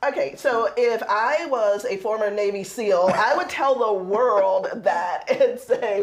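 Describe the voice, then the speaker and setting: A woman with a mid-pitched voice hosting a local talk show. She teases her guest and keeps the chat light and playful. Her tone stays bright with easy banter. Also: unhurried, few pauses. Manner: playful, teasing, laughs often. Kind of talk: casual interview talk.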